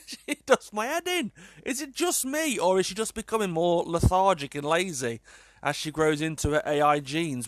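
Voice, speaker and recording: Young British man, casual vlog chat, exasperated, joking, higher voice, dry close sound. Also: very animated, brisk, fairly bright tone, dry recording. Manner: chatty, exasperated, swears and laughs often. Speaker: vlogger.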